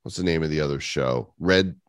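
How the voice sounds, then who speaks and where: Deep-voiced man in dry banter. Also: fairly quick, clear, resonant tone, no room sound. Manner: wry, joking, reads aloud with asides. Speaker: podcast co-host. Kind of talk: casual chat.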